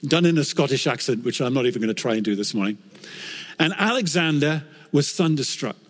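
A man preaching a sermon as a pastor, telling stories in an earnest, animated way that lifts when he quotes scripture. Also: mid-range voice, fairly quick. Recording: long hall reverb.

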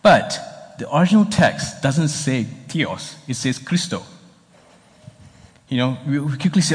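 A man's voice: mid-range voice, expressive, moderate pace. A man pastor preaching a sermon in a conversational, explanatory way, heard in a church hall. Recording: long reverb of a hall.

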